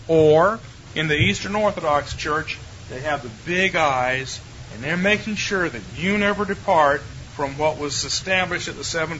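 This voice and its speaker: Older guy lecturing a class, bright forceful voice, kinda wry, asks the room questions, dull hissy old tape. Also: on the high side. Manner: conversational, wry, speaks directly to listeners with rhetorical questions. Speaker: theology lecturer. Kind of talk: classroom lecture to a live audience.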